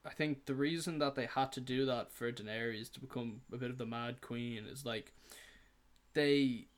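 A man's voice: mid-range voice, moderate pace. A man co-hosting a casual podcast chat, rambling with lots of fillers and blunt opinions. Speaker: podcast co-host.

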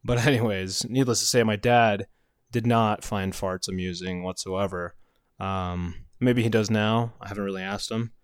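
A middle-aged man tells a loose, rambling story and keeps breaking into chuckles between phrases. His voice sits a little low and sounds smooth and resonant. It is recorded dry and close, with no room sound around it. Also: fairly even intonation, moderate pace, dry recording. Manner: rambling, chuckles often mid-sentence. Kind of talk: casual spoken anecdote.

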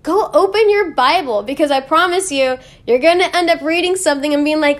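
A young woman with a high voice hosts her own faith podcast. She talks in a casual, heartfelt way, filling her sentences with "like" and small laughs. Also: brisk, few pauses. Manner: earnest, chatty, full of "like" and laughs. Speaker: podcast host.

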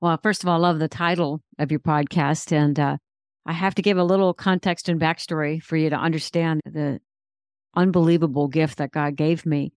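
A woman's voice: low-pitched, steady tone, moderate pace, a little mellow, no room sound, studio quality. A middle-aged woman, a guest author and speaker, giving a personal faith testimony in an earnest, reflective way.

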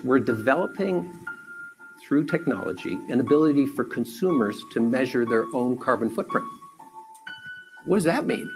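A man's voice: medium pitch, expressive, moderate pace, gravelly. A man giving a formal, explanatory presentation in a played clip. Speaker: speaker in a quoted clip. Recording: clip with music behind.

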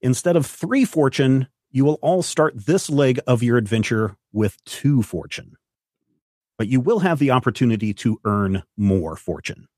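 Male game master, mid pitch, dry close sound, descriptive narration. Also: animated, a little slow, a little mellow, no echo. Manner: descriptive narration with rules explanations, some restarts.

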